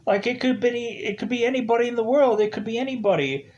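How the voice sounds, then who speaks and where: A man putting on a quick, sing-song voice to play a playful man teasing a woman. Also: very high voice, a little mellow, dull audio, pitched above the performer's own voice.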